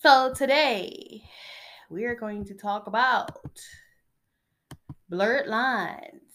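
A young woman hosting her own podcast, talking in a casual solo monologue with a soft, low-key delivery and blunt, opinionated, slangy asides. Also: drawn-out words. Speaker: podcast host.

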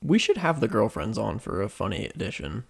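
A man's voice: lowish voice, huge pitch swings, fairly quick, gravelly. A young man co-hosting a podcast in casual chat, teasing and loose. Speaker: podcast co-host.

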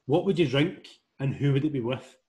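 A man's voice: medium pitch, lively intonation, brisk, darkish tone. A Scottish man hosting a podcast in friendly, jokey casual chat, leading the questions. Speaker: podcast host.

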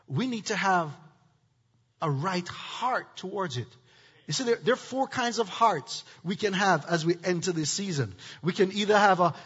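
A middle-aged male pastor preaches to his church, with a high, bright, slightly husky voice. He calls on the congregation to answer back. The sound is dull and carries a long hall reverb. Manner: call-and-response preaching with congregation prompts. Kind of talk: sermon. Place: church sanctuary. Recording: dull echoey hall recording.

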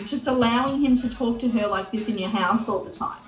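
A woman's voice: high voice, normal speed, fairly bright tone. A woman in her forties chatting on a podcast, retelling a TV show in a heated, swearing way and acting out the people in it. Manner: heated, swearing, acts out quoted voices. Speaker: podcast co-host. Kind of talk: casual chat, retelling a TV show. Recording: echoey, distant, dull sound.

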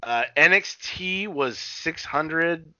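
Slow and expressive, a man with a sharp, somewhat high voice co-hosts a casual wrestling podcast. He rambles, curses freely and acts out scenes, all on a dry, dull lo-fi recording.

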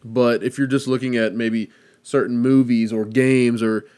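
A man's voice: medium pitch, level tone, a little slow, darkish tone. A man hosting a podcast, talking in an easygoing way with many fillers. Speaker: podcast host. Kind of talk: casual chat.

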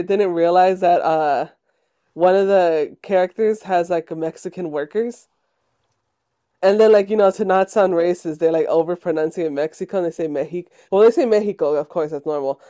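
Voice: mid-range voice, mellow, smooth. A young adult co-hosting a podcast, chatting casually in a laid-back, teasing way. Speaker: podcast co-host. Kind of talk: casual chat.

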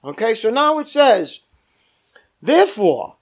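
Man, pastor, very high voice, emphatic, asks the room questions. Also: animated, moderate pace. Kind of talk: bible study teaching.

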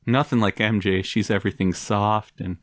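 A man's voice: on the low side, steady tone, moderate pace. A man co-hosting a casual movie-recap podcast, laughing easily as he tells the story. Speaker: podcast co-host.

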